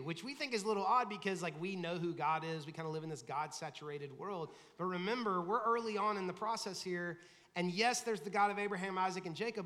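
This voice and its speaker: A man preaching a relaxed, conversational sermon, his voice sitting on the higher side for a man. He slips into playful voices for the people he quotes. The sound carries a long reverb, as in a large church sanctuary. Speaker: lead pastor.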